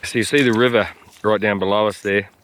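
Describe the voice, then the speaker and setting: A man talking to camera during a mountain hunt, relaxed and chatty, with plenty of ums and uhs, recorded outdoors on a steep slope. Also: lowish voice, brisk, slight background noise, rough recording. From Australia. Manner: relaxed, chatty, lots of filler words. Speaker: hunter filming a hunt. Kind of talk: casual on-camera hunting vlog.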